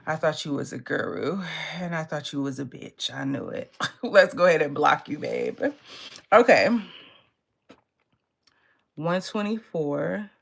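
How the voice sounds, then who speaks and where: A woman's voice: low-pitched, very animated, unhurried, creaky, long pauses. A woman tarot reader talking in a casual, blunt and profane way, laughing often. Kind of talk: casual live tarot reading.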